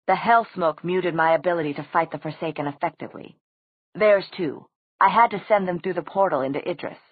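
Magnus, a woman reading a soft calm warlock. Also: lowish voice, husky, dry recording. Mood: explaining. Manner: soft, measured explanation. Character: flamboyant calm male warlock. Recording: dry, tinny phone-like sound.

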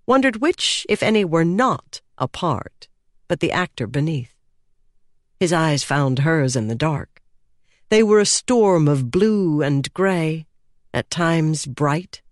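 An audiobook narrator reading a fantasy novel in a measured, expressive way. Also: mid-range voice, dry recording, studio quality. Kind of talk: scripted narration.

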